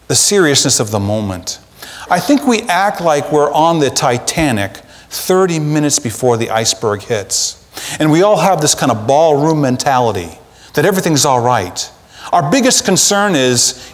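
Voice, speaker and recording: A man preaching a sermon as pastor, in an animated, conversational way with acted asides, in a church sanctuary. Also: fairly high pitch, moderate pace. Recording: long church reverb.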